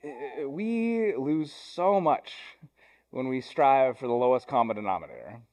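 A young adult man preaching a sermon in a church, conversational, with self-deprecating asides, moving between quick runs and slow, deliberate lines. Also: mid-range voice, big pitch swings, darkish tone. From Ohio, US. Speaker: pastor.

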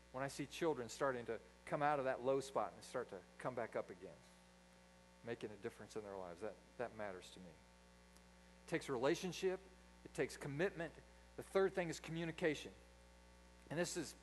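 A man preaching a sermon in a church, a dynamic speaker who swings from loud emphasis to quiet asides. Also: mid-range voice, slight background noise, poor audio. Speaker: pastor. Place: church sanctuary.

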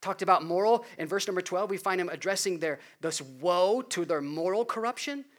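A man preaching a sermon in an earnest way, rising to loud emphasis and dropping to hushed appeals. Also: sits high, brisk. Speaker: pastor.

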